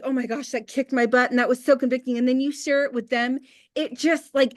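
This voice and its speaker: A woman in her thirties talks to her team in a casual, motivational way, candid and full of quick asides. Her voice sits fairly high. The sound is close and dry, with no room around it. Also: no room sound. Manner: chatty and candid, with faith talk and quick asides. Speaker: team leader hosting a business call.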